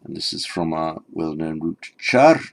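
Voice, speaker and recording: Low, gravelly man lecturing on texts. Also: expressive, unhurried, a little hiss or hum. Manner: thoughtful, explaining word by word with frequent restarts. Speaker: teacher. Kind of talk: textual lecture on Pali scripture.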